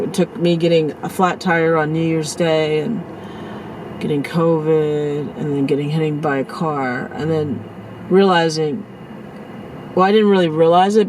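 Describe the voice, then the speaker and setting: A woman vlogging in a casual storytelling style outdoors, shaken and in shock, talking fast and cursing as she retells a crash and acts out what people said. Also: low voice, noisy background. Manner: profane, animated, rants and acts out quotes. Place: outdoors near a parking lot by the beach.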